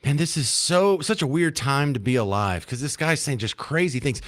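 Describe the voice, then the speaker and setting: Casting: male radio host, mid-pitched, sarcastic and mocking studio monologue. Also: animated, moderate pace, fairly bright tone.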